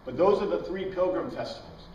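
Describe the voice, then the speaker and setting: A man's voice: on the high side, expressive, a little fast, a little mellow, slight background noise. A man teaching an informal Bible class, chatty, quizzing his students and wandering into tangents. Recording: dull, echoey room recording from far off.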